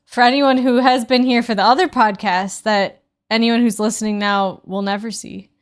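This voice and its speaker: A woman's voice: fairly high pitch, fairly even intonation, normal speed. Woman, Midwestern American accent, podcast co-host, casual chat, chatty. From Midwest United States.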